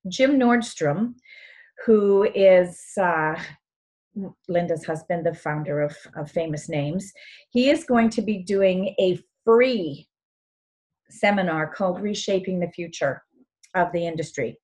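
A woman's voice: on the low side, expressive, slow, darkish tone. Enthusiastic, sentimental woman host. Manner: enthusiastic, gets emotional and tearful. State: choked up at times. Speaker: show host. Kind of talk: casual chat.

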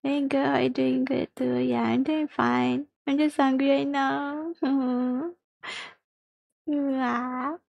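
A woman's voice: sits high, steady tone, takes it slowly, gravelly, darkish tone, no echo, dull audio. A woman livestreaming a mobile game, chatting casually with viewers, reading chat aloud and giggling often.

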